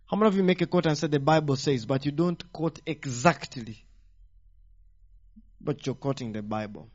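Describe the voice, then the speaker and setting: A man preaching a teaching sermon, animated and firing rhetorical questions at the congregation. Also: on the high side, moderate pace. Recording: dull lo-fi sound.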